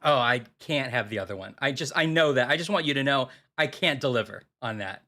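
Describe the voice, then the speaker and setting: A man's voice: medium pitch, animated, brisk, sharp tone. A man co-hosting a livestream in casual comedic chat, riffing into silly bits. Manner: jokey, riffs into silly bits and voices. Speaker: livestream co-host.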